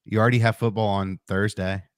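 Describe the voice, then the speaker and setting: A man's voice: on the low side, level tone, a little fast, clean tone, no room sound, studio quality. A man co-hosting a casual sports betting chat, laid-back and explaining at length.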